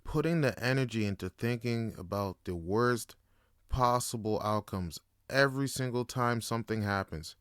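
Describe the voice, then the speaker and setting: A young man talks in a relaxed, slang-heavy way, swearing freely as he tells a personal story on his podcast. His voice is smooth and clear, recorded dry and close with no room sound. Middle pitch. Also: normal speed, dry recording. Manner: laid-back, slangy and profane. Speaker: podcast host. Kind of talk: casual storytelling.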